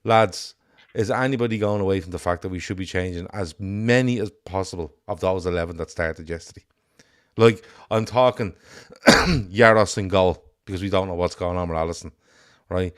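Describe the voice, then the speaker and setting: Lowish voice, guy hosting a football podcast, laughs a lot, swears loads. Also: normal speed, clear, resonant tone. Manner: jokey, laughs often, swears freely. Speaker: podcast host. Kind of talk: casual football podcast chat.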